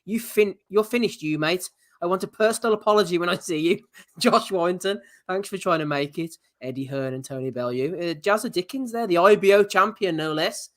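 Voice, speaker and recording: A man's voice: high-pitched, brisk, a bit bright. Laughing British man on a podcast. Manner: laughs often, reads out tweets. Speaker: podcast co-host. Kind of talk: casual banter about boxing.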